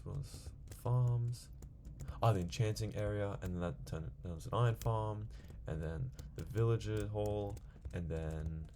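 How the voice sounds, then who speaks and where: A young man rambles on in casual gameplay commentary. His voice is low with a gravelly fry and a mellow, dark tone. Faint background noise sits under his steady chatter. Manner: rambling, chatty, talks to himself while playing. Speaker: gaming video creator.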